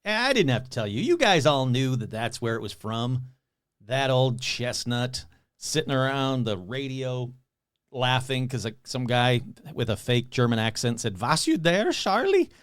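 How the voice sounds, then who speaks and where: A man's voice: mid-range voice, measured pace, a bit bright, clean tone, no room sound, clean studio sound. A man hosting a podcast who talks in a sarcastic, rambling, self-mocking way. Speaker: podcast host. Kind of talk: casual comedic chat.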